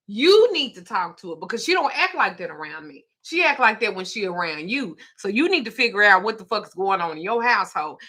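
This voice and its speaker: Blunt, bright-voiced grandmother chatting. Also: medium pitch, very animated, normal speed. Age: older. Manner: blunt, profane, laughing storyteller. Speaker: host. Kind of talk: casual chat.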